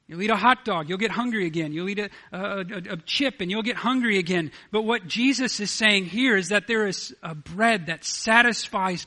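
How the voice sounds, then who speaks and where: A man's voice: high-pitched, bright, forceful tone. A male pastor preaching a sermon in an earnest way, often restarting and repeating words.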